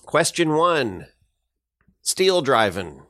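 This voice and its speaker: A man from Tennessee hosts a podcast in loose, rambling banter, swearing freely as he tells jokey stories. His voice sits a little high and swings widely in pitch. The recording is dry and close. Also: very animated, very slow, a bit bright, dry recording. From Tennessee, USA. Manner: rambling, profane, jokey storytelling. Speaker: podcast host.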